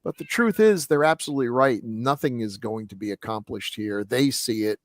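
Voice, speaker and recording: A man's voice: medium pitch, normal speed. A man on a film review podcast, building long arguments about a movie. His voice sits in the middle range. The sound is dry and close, with no room echo. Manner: expansive, argues points at length. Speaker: podcast co-host. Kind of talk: casual film review chat.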